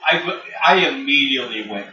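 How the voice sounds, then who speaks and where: A podcast co-host with a medium-pitched, expressive voice chats casually at a moderate pace, rambling, laughing, and saying "like" constantly among many fillers. The mic sounds distant, dull, and roomy, with background noise and chatter behind him.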